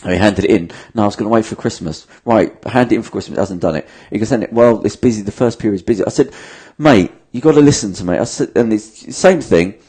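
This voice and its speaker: A man's voice: fairly low pitch, fast talker, few pauses, dark tone, husky. Emphatic, sweary man. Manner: emphatic, sweary, acts out dialogue. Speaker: podcast host. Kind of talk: casual chat giving advice.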